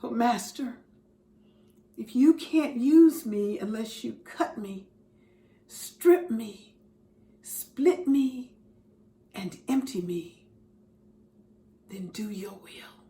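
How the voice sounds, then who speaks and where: A woman's voice: on the high side, lively intonation, extremely slow, long pauses, warm tone, reverberant, exaggerated voice. A woman voicing a tall male bamboo plant, devoted but fearful, who stammers and pleads in a storybook tale. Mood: resigned.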